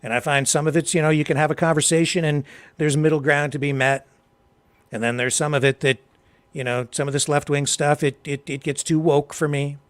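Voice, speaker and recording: A Canadian man hosting a political talk show, delivering impassioned commentary that swings from low, quiet remarks to loud, emphatic outbursts. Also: little pitch movement, brisk, clean tone. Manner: heated, addresses a co-host directly.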